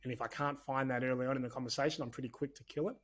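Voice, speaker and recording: Very fast and fairly even in intonation, this mid-range male voice belongs to an Australian business owner. As a podcast guest in a casual conversational interview, he chats candidly and rambles.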